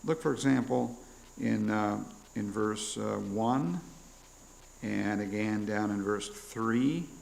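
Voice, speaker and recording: A man's voice: on the low side, takes it slowly, creaky, a little mellow, a little hiss or hum, rough recording. A man preaching a sermon as pastor, teaching through questions and acting out quoted prayers. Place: church.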